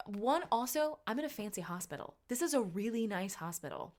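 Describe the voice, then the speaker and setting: Animated, jokey woman telling a story. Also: medium pitch, fairly quick, few pauses. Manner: animated, jokey, self-mocking, swings up for punchlines. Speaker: podcast host. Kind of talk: casual comic storytelling.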